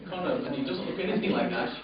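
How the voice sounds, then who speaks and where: At an awards presentation, a director speaks off the cuff at a quick pace, full of ums and repeated words, with crowd noise in the background. The distant camera mic yields very echoey, boomy, dull audio with room noise.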